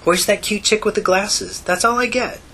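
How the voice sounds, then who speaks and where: A man's voice: high voice, fairly even intonation, moderate pace, creaky, bright, forceful tone, slight background noise, voice pushed up, exaggerated voice. A man voicing a foul-mouthed, streetwise teenage runaway girl who talks bluntly and crudely. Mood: teasing.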